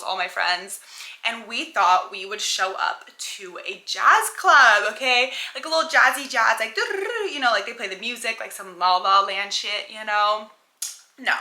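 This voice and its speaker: Super bright american girl rambling on her podcast, kinda high, roomy echo. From United States. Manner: chatty, slangy, lots of "like" and "you know". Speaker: podcast host. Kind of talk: casual storytelling chat.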